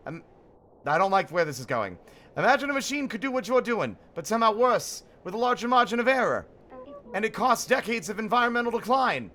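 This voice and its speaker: A man live-streaming a game, chatting casually in an excitable, joking way and swearing freely. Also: very high voice, fairly quick. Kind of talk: casual live-stream chat while gaming. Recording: constant car engine noise from the game.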